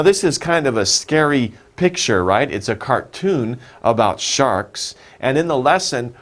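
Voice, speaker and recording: Slow, lively-voiced man teaching English words. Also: mid-range voice. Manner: encouraging, repeats words slowly for practice; asks the listener questions. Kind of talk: vocabulary lesson narration.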